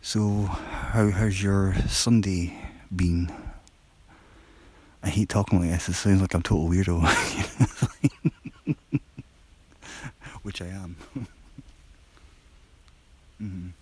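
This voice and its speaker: A man on a live stream, chatting casually and quietly to viewers during a break from his shift, rambling and poking fun at himself. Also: low-pitched, steady tone, slow pace, long pauses, breathy edge, dry recording, low-quality recording. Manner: rambling, chatty, self-deprecating; talking quietly. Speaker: livestreamer on a work break.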